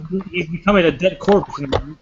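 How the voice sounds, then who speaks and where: A man's voice: on the high side, moderate pace. A young man taking part as a player in a tabletop game, brash and swearing casually in character. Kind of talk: in-character tabletop role-play. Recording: dull lo-fi audio with faint noise.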